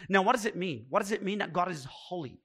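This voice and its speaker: A man's voice: sits high, expressive, quick pace, fairly bright tone. A man preaching a sermon as pastor, emphatic and repeating words for weight.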